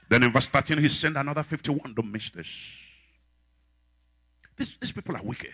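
A man preaching a sermon, swinging between shouted, chanted refrains and low, quiet storytelling. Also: normal speed, long pauses.

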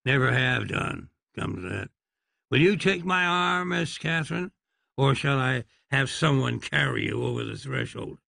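A man voicing a sardonic Western gunslinging dentist with a slow, folksy drawl and a gravelly, dry sound. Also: mid-range voice, animated, sharp tone, no room sound, full character voice. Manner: wry, unhurried and folksy.

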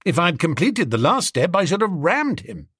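A man's voice: sits high, sing-song, normal speed, fairly bright tone, husky, dry recording, studio quality. A man reading a comic story aloud in a jaunty first-person narration. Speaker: audiobook narrator.

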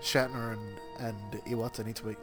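A man's voice: fairly low pitch, level tone, fairly quick, a bit bright, soft background music. A man hosting a podcast, joking and rambling in casual chat with frequent laughter. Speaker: podcast host.

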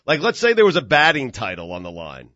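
A man's voice: mid-range voice, wildly swooping pitch, sharp tone, no room sound. A man co-hosting a sports radio show, arguing his point in casual banter. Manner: argues his point, dry and quick replies. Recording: dull, lo-fi radio studio audio.

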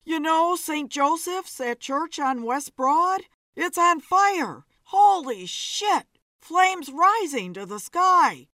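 A woman voicing an excited man who bursts into a bar, shouting and breathless. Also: very high voice, slow, few pauses, no echo, studio quality, pitched above the performer's own voice, exaggerated voice. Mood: frantic.

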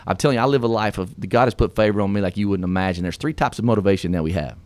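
Man, middle-aged, very low voice, earnest, folksy, animated radio talk. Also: racing, dry recording. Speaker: radio show host. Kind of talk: casual storytelling and motivational talk.

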